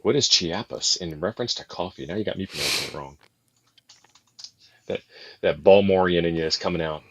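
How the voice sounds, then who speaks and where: A man co-hosting a casual live-stream chat, joking around and pitching the show's coffee. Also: fairly quick, a bit bright, slightly rough. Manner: joking, reads coffee promos. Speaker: co-host.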